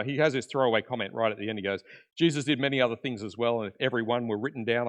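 Lively man preaching a sermon. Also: medium pitch. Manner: conversational, animated, swings from loud emphasis to quiet asides. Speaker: pastor. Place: church.

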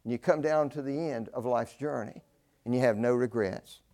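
An older man preaching a fervent sermon, swinging between loud declaring and low, slow emphasis.

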